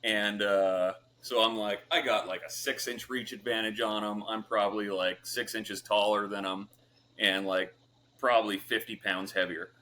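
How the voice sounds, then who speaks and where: A man's voice: fairly low pitch, normal speed, a little hiss or hum. Easygoing man spinning a war story. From Canada. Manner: relaxed, swears often, lots of fillers. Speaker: podcast guest. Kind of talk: casual storytelling.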